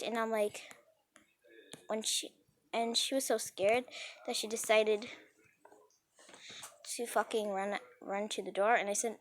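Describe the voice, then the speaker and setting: A woman's voice: a little high, steady tone, a little slow, long pauses, a bit bright. A woman telling a rambling story in a casual storytime style, with frequent restarts and acted-out dialogue.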